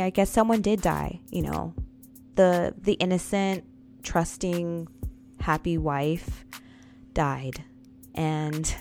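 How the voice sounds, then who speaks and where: Casting: woman in her thirties with a low voice, casual confessional storyteller who keeps talking straight to viewers, faint music behind. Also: a little mellow. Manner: addresses viewers often, repeats lines for emphasis.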